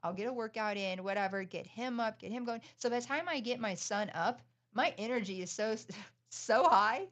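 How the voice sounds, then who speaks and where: A woman's voice: on the high side, moderate pace. A middle-aged woman co-hosting a podcast in casual chat, upbeat and chatty, laughing often. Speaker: podcast co-host.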